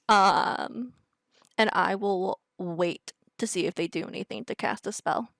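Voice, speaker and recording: A woman's voice: mid-range voice, slow pace, creaky, fairly bright tone, dry recording, studio quality. A woman playing a tabletop role-playing game, talking playfully and asking the game master questions. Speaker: player. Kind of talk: casual tabletop play.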